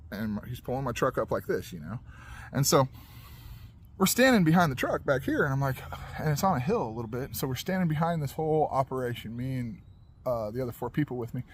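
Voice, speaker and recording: A man telling a funny life story in a casual, animated way, acting out moments and sound effects as he goes. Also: mid-range voice, slight background noise.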